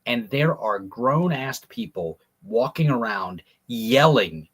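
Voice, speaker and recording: A husky-voiced man tells stories in a relaxed podcast chat. His pitch swings up and down as he gets into the telling. He swears casually between the details. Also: slow pace. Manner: animated, profane anecdotes. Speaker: podcast co-host. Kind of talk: casual storytelling.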